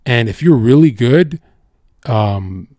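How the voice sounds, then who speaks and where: A man's voice: mid-range voice, animated, mellow, no room sound. A young man livestreaming from home, talking in a casual, profane, rambling way. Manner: profane, rambling, quick bursts.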